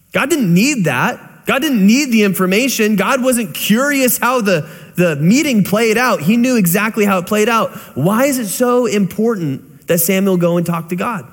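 A man's voice: high-pitched, expressive, moderate pace. A man in his thirties preaching a conversational sermon, full of rhetorical questions. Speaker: pastor. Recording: long reverb of a large hall.

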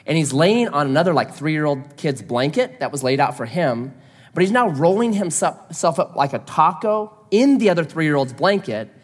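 A man's voice: fairly high pitch, long reverb tail. A man in his thirties, a pastor, telling a self-deprecating family story in a sermon.

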